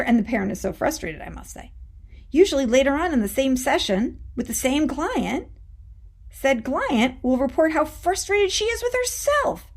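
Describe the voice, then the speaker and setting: A woman life coach hosting her show, giving an emphatic, conversational motivational talk straight to her listeners, casual and a little salty. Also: high-pitched. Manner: casual with mild swearing and frequent "okay?".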